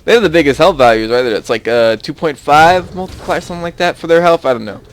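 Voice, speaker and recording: A man's voice: on the high side, lively intonation, fast talker. Rambling young man commentating gameplay. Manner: rambling, easily sidetracked, chuckling often. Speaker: gaming YouTuber.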